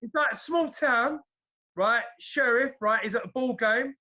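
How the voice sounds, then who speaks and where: A man, retelling a film in relaxed slang during a casual chat. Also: very high-pitched, measured pace.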